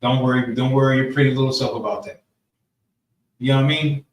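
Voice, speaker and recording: A man's voice: medium pitch, steady tone, quick pace, a little hiss or hum. Man, class leader, casual preachy delivery, echoey room, mic far off. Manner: casual, repeats phrases, asks the room for agreement. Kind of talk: preaching-style group lesson.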